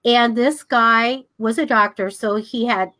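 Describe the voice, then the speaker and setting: An older woman teaching a class, telling stories in a chatty, animated way and jumping high in pitch when she acts out the people she quotes. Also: a little slow. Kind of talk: casual storytelling to a class.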